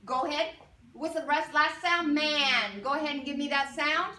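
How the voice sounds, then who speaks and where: A woman teaching young children a phonics lesson in a classroom, modeling sounds slowly and prompting call-and-response with encouraging praise. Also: high-pitched, pushed and bright. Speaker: elementary school teacher. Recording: echoey room from far off.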